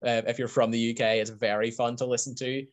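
A man's voice: medium pitch, flat delivery, fast. A man hosting a casual podcast chat, enthusiastic and rambling, laughing often. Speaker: podcast host.

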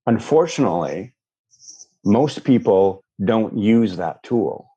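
A man's voice: fairly low pitch, slow pace, husky, lo-fi sound. A man coaching a guest, leading a visualization and acting out people's reactions as he explains. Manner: animated, acts out quoted reactions. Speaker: life coach. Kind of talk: guided visualization and coaching talk.

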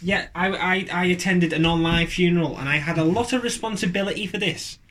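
A man's voice: high voice, a little fast, fairly bright tone, slight background noise. A man chatting on a podcast, rambling and joking with lots of fillers and restarts. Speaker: podcast co-host. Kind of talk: casual chat.

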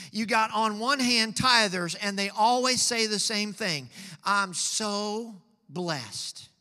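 High bright-voiced preacher man, echoing hall. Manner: preaching with rising fervor, scripture reading. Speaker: pastor. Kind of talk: sermon. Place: church sanctuary.

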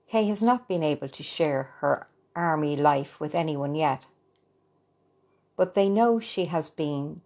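A woman reading a story aloud, slow and gentle, with small slips. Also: low voice, vocal fry. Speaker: narrator. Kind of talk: storytelling narration.

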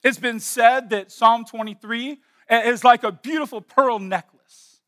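A pastor with a high, bright voice preaching in a church. His tone is crisp and clear, and he drops to a near hush to stress a phrase, then rises into loud, declaring lines. He dwells on single words with slow, deliberate repetition. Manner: swings from hushed emphasis to loud declaration. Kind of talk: sermon.

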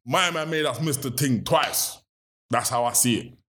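A young man with a London accent tells a story in lively, casual chat. He swings his pitch up sharply whenever he acts out what someone said, then drops back to an easy, conversational tone. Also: moderate pace, slight background noise. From London, England. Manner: lively, acts out quoted voices with big pitch jumps. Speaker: guest telling a business story.

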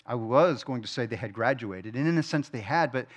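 A man's voice: medium pitch, expressive, fairly quick. A middle-aged man teaching a Bible study from a church stage, conversational, asking the room questions and answering them himself. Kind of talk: sermon.

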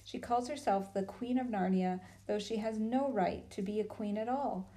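A woman's voice: medium pitch, normal speed, lightly acted. A woman reading a storybook and voicing an eager, happy little girl. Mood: excited. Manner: eager and breathless with excitement.

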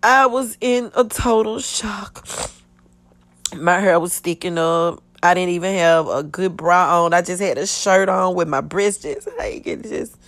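A woman's voice: on the low side, fairly even intonation, moderate pace, hardly any pauses, no echo. A woman telling an emotional personal story in a podcast, pleading and prayerful, often close to tears. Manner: tearful, pleading, with fervent prayerful outbursts.

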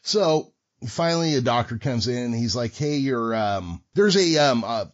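A middle-aged podcast guest tells a story in casual chat, his mid-range voice moving at a moderate pace. He swears freely and acts out other people's voices with real animation. The recording is dull and lo-fi.

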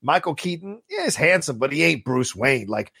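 A podcast co-host rambles through casual chat, laughing often. His voice sits a bit high, with a gravelly, husky edge. His pitch swings widely as he talks. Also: big pitch swings, moderate pace, sharp tone, dry recording, clean studio sound.

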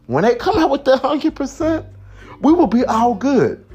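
A man's voice: very high voice, sing-song, normal speed, a little mellow, slightly rough. A man from the United States hosting a motivational podcast monologue, emphatic and repetitive, over faint background music. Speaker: podcast host.

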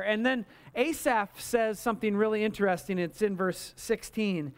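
Animated preacher calling for amens. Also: male voice, moderate pace, clear, resonant tone. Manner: animated, acts out complaints in a higher voice; conversational, calls for amens. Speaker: pastor. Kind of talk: sermon.

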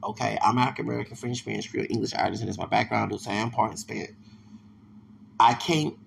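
A man's voice: lowish voice, steady tone, fast talker, creaky, slight background noise. A man hosting a solo podcast, rambling and digressive, with many restarts and asides. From Texas. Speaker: podcast host.

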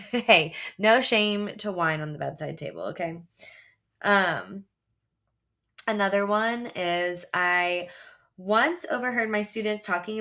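A woman's voice: on the low side, fairly bright tone. A young woman, a teacher hosting a podcast, telling funny classroom stories in a chatty way, often laughing. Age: young adult. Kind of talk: casual storytelling.

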